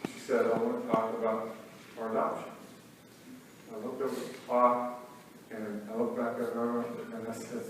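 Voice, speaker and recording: A man's voice: medium pitch, level tone, normal speed, long pauses. A middle-aged man telling an emotional personal story to a crowd of students, earnest and sometimes choked up, with many ums and restarts. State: choked up at times. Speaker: guest speaker. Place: large school hall. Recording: very echoey hall, distant mic, faint noise.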